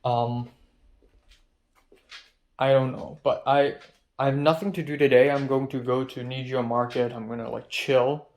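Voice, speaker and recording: Young male vlogger, mid-pitched voice, angry and profane confessional rant. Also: little pitch movement, a little slow, long pauses, darkish tone. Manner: agitated, profane ranting. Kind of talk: confessional video diary. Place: his apartment, indoors.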